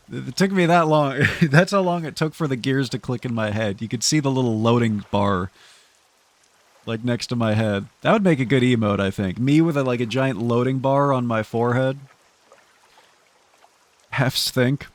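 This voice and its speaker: A young man casually commenting on a game he is playing, chatty and quick to laugh, often stammering through restarts. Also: mid-range voice, dry recording. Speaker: streamer.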